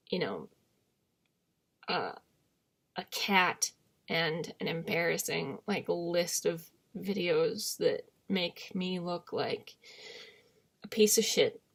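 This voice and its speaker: A young woman vlogging in a candid, rambling monologue, self-deprecating and often trailing off into murmurs. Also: lowish voice.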